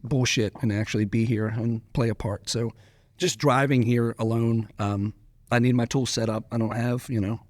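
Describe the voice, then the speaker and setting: A young man with a loose, animated way of talking, swearing freely and laughing often as a podcast guest. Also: mid-range voice, moderate pace, no echo. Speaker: record-setting drag racer, guest. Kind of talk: casual storytelling.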